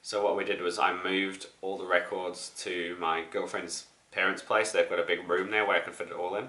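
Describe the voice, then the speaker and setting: Young man, slightly sick voice, rambling vlogger, bright tone in an echoey room. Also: deep voice, little pitch movement, a little fast. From New Zealand. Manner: rambling, many ums and restarts. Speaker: record-collecting vlogger. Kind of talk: casual vlog to camera. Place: apartment.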